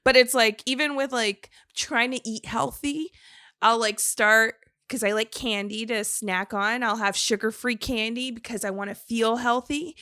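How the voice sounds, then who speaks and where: A young woman co-hosting a podcast in casual chat, giggly, animated and rambling. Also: on the high side, a little slow, dry recording. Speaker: podcast co-host.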